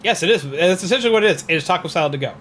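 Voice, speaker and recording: A young male gamer with a high, expressive voice talks very fast over a noisy background while playing a horror game. It's casual let's-play chat: laid-back, sprinkled with swearing, and full of rambling, filler-heavy storytelling.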